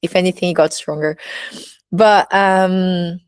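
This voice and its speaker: A woman's voice: fairly low pitch, fairly even intonation, a little slow, smooth, no room sound, studio quality. A woman with a Brazilian accent, a burlesque teacher speaking candidly in a casual personal monologue, full of "you know, like" fillers.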